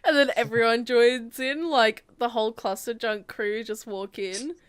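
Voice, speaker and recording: A playful woman co-hosting a casual podcast chat, laughing often between lines. Her voice sits a little high and comes across smooth and clean. The recording is close and dry, with no room sound. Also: steady tone, unhurried, no echo. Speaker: podcast co-host.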